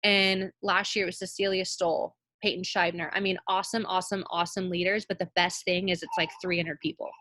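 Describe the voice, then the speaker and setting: A woman's voice: fairly low pitch, flat delivery, a little fast, few pauses, sharp tone, no room sound. Emphatic woman on a team call. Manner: emphatic, repeats phrases for effect. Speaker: team leader. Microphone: call audio.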